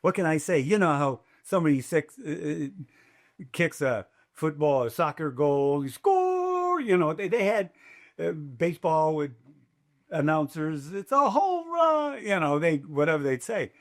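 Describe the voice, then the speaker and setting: A man's voice: fairly high pitch, a little slow. An older man, a race announcer, telling stories in a podcast interview and acting out quotes in a raised voice. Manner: animated, acts out quotes in a raised voice.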